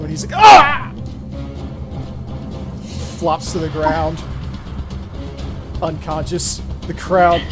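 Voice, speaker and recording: A man narrating a tabletop game as game master, in a laid-back way with many fillers and pauses. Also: a little high.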